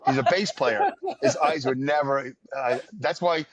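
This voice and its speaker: Rambling older New storyteller. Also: male voice, mid-range voice, unhurried. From New York area, US. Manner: rambling, wry storyteller with many fillers. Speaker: podcast host. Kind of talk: casual chat, storytelling. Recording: dull lo-fi dry sound.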